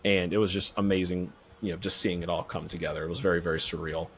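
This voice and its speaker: A man being interviewed as a filmmaker guest on a podcast, talking in a relaxed, rambling way. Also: sits low, fast talker, a little hiss or hum.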